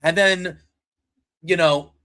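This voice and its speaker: A man with a slightly higher voice hosts a casual wrestling recap. He rambles from one moment to the next, retelling what was said in quotes and filling gaps with "you know" and "um.". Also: fairly even intonation, slow, a bit bright. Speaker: podcast host recapping wrestling.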